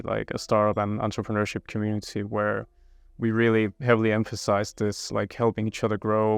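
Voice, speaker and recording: Young man, interview guest, low smooth voice, flat even delivery, rambly. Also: no room sound, clean studio sound. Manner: rambling, many restarts and fillers. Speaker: guest, startup founder. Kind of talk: casual interview answers.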